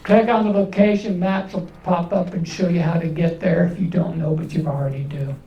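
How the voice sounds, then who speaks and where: An older man doing a stand-up comedy set, delivering one-liners with pauses before each punchline. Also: fairly high pitch, fairly even intonation, dull audio, a little hiss or hum. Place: large indoor event hall. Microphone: distant camera from the back of the room. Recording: echoey hall, from far off.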